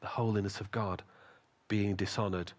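A man preaching a sermon, retelling a story with lively acted-out voices. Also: lowish voice, normal speed. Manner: animated storytelling with acted quotes.

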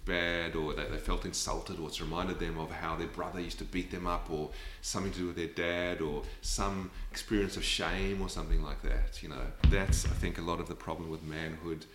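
A man's voice: low voice, steady tone, a little fast, few pauses, fairly bright tone, a little hiss or hum. An Australian man talking thoughtfully as an interview guest, rambling with many fillers. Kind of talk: reflective conversational interview. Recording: roomy echoey sound.

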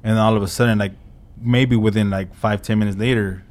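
A man's voice: fairly low pitch, fairly even intonation, fairly quick, a little mellow. A man in his forties co-hosting a radio talk show, talking loosely with lots of fillers and swearing. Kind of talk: casual radio chat. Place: radio studio.

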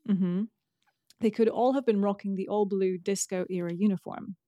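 A woman co-hosting a podcast, chatting casually with fillers and quick asides. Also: mid-range voice, fairly even intonation, mellow, no room sound, lo-fi sound. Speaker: podcast co-host. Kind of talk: casual chat about a TV episode.

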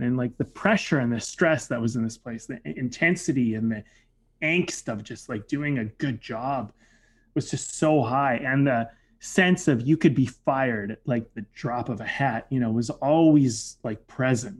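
A man's voice: medium pitch, moderate pace, breathy edge. A man casually telling a personal story, reflective, with lots of "like" and "you know" fillers. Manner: reflective, filler-heavy with frequent "like".

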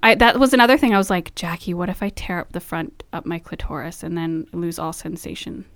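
Woman, co-host, casual chat, animated, dramatic, dry recording. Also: fairly low pitch, fairly quick, no echo. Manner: animated, swears freely, dramatic retelling. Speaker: podcast co-host, expecting mother.

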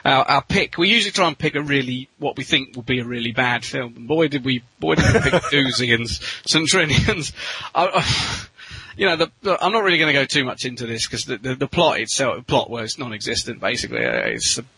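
A man's voice: mid-range voice, expressive, brisk, hardly any pauses, pushed and bright, breathy edge, rough recording. A man co-hosting a film podcast, rambling with frequent restarts in casual chat. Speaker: podcast co-host reviewing films.

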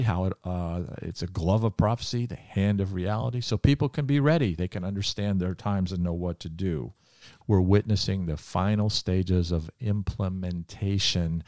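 A pastor from Ohio with a low, deep voice speaks in an earnest, emphatic preaching manner, often pausing on filler words. The recording is dry and close, with no room sound. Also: male voice, a little mellow, no room sound. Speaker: pastor and podcast host. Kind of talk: preaching storytelling.

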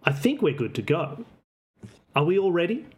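A man narrating as game master of a tabletop game, jokey and rambling with quick asides. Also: high-pitched, very animated, muffled recording.

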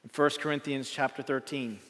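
A man preaching a sermon as a pastor, telling a story with dramatic swings from loud to hushed and repeating his phrases for effect. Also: mid-range voice, steady tone, a little fast. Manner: repetitive rhetorical phrasing. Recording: long reverb of a large hall.

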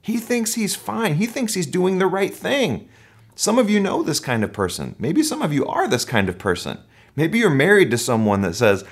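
A man's voice: mid-range voice, moderate pace. A man preaching a sermon, telling stories with animation and acting out voices. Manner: animated storytelling, acts out voices. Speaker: pastor.

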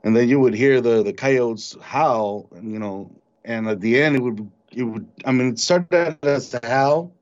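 A man recounting a frightening encounter in an interview, halting and repeating words as he tells it. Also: mid-range voice. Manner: halting, repeats words when shaken, mimics animal sounds. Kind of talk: storytelling in an interview. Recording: dull lo-fi recording.

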